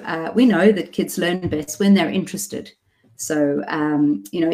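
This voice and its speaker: A middle-aged Australian woman, a speech therapist, giving parents a clear, practical talk with the odd demonstration voice. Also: fairly low pitch.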